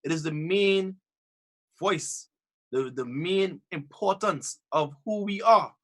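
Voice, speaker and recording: A man's voice: high voice, takes it slowly. A man presenting video clips in a webinar, commenting on them in an emphatic way. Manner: emphatic, rising to excited.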